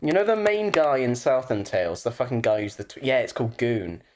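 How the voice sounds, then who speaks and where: A man's voice: mid-range voice, expressive, fairly quick, darkish tone, a little hiss or hum. A man co-hosting a casual film review podcast, laid-back, laughing often and swearing casually. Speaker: podcast co-host.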